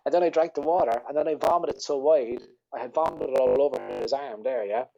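In casual podcast conversation, a man from Ireland, an ultra-runner, tells a meandering tale full of laughter and swearing. He speaks briskly in a warm, mid-range voice, though the recording is muffled.

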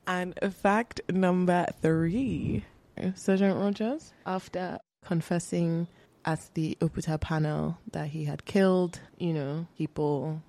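A woman's voice: fairly low pitch, fairly even intonation, takes it slowly, mellow. A young woman co-hosting a podcast, setting up a true-or-false quiz in a playful, chatty way. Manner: playful quiz-giving storyteller. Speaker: podcast co-host. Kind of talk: casual chat.

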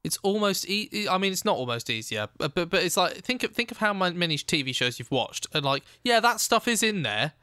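A woman with a notably low voice chats casually, throwing in wry, teasing asides. The sound is dry and close. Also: big pitch swings, fairly quick, few pauses, sharp tone, no room sound. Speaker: podcast co-host. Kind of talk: casual chat.

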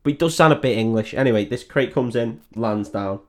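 Male co-host, mid-pitched, rambling and giggly, sweary casual film recap. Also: fairly quick. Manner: rambling, laughing often, sweary. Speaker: podcast co-host.

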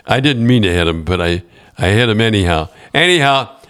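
A man's voice: on the low side, animated, a little fast, fairly bright tone, clear, resonant tone. An older man with a Canadian accent, telling rambling hockey stories in casual chat, with restarts and chuckles. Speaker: podcast host and former hockey coach.

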